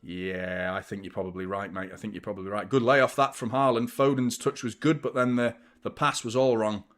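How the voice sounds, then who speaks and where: A man's voice: on the low side, flat delivery, a little fast, fairly bright tone. A young adult man, hosting a live football watchalong, chatting casually, reacting to play and thanking viewers by name. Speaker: fan channel host.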